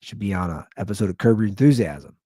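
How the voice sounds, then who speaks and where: A man's voice: fairly low pitch, animated, fast talker, dark tone, breathy edge, no room sound, studio quality. A man hosting a podcast, telling a comic story in a rambling, loose, casually profane way. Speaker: podcast host. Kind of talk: casual comedic storytelling rant.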